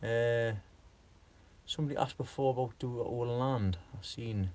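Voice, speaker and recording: A man's voice: medium pitch, measured pace, a little mellow. A man chatting on a gardening live stream, rambling with lots of fillers and frequent giggles. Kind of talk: casual live stream chat.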